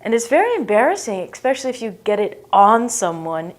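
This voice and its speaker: A woman's voice: on the high side, very animated, fairly quick. A woman giving a casual English lesson on everyday slang, playful and self-mocking, acting out the noises she explains. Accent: British or American English. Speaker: English teacher.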